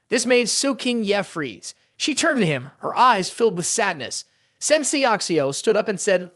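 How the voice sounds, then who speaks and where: A narrator reading a scripted story recap in a brisk, even storytelling manner. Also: medium pitch, dry recording, studio quality.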